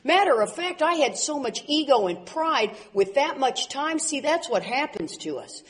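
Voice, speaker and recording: A woman in her forties speaking at a recovery convention, telling animated stories with laughs and loud outbursts. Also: high voice, moderate pace. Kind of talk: speaker talk to an audience.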